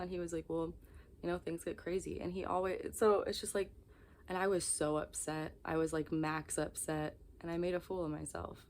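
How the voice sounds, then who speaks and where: A woman's voice: fairly low pitch, flat delivery, normal speed, darkish tone, a little hiss or hum. A young woman talking to camera in a confessional vlog, exhausted, candid and rambling. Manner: candid, rambling, emotionally raw. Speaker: vlogger.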